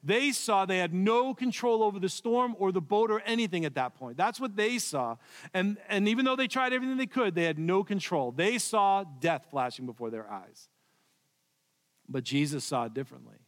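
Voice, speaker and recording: A man preaching a sermon in a church, telling the story with swings from loud to hushed. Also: high voice, lively intonation, moderate pace. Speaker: pastor. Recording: long reverb of a large hall.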